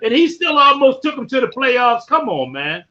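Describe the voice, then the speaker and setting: Brassy high-voiced male sports-talk host, rowdy, slightly dull audio. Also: very animated, normal speed. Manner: loud, boisterous, trash-talking. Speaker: podcast host.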